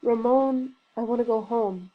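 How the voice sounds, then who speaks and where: A woman's voice: on the high side, measured pace, phone-quality sound, close to an everyday voice. A woman voicing a frightened young pregnant woman, reading her panicked, pleading lines in a storybook.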